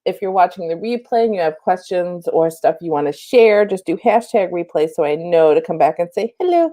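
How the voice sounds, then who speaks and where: A woman's voice: on the low side, expressive, moderate pace, darkish tone. A woman in her late forties hosting a casual live stream, chatting and greeting viewers by name. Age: 40s.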